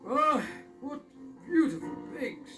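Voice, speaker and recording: 남자가 연기하는 거드름 피우는 왕. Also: male voice, very high-pitched, very animated, takes it slowly, recorded from a distance, music in the background, voice pushed up, exaggerated voice. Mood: impressed. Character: grand, admiring old male king.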